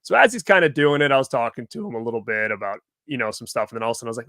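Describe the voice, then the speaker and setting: A man co-hosting a casual chat, retelling an encounter with lively acted-out quotes and plenty of filler words. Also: medium pitch, quick pace, clean tone, dry recording, studio quality. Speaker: co-host.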